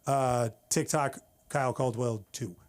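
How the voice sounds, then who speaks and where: A man's voice: medium pitch, fairly even intonation, measured pace, noisy background. A man from the Bay Area, doing a wry, exasperated open-mic stand-up set on a comedy club stage. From San Francisco Bay Area. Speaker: stand-up comic.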